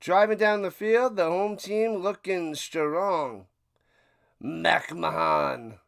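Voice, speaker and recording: A man hosting a casual livestream watch party, doing play-by-play commentary in a chatty, jokey way with bursts of excitement on big plays. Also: sits high, extremely slow, vocal fry, no room sound.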